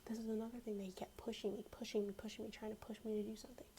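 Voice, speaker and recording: Soft-spoken young woman, gravelly and dark. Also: mid-range voice, flat delivery, very fast, a little hiss or hum, poor audio. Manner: casual, slangy, drifts in and out of whisper. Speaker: ASMR storyteller. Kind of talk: soft-spoken ASMR storytime.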